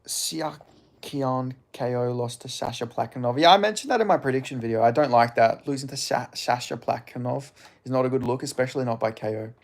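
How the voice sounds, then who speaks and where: A young man with a mild Australian accent chats casually on a livestream, reading out comments and answering them. His manner is laid-back and loose, full of casual swearing, and his voice sits at an everyday middle pitch. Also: brisk. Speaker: streamer answering chat.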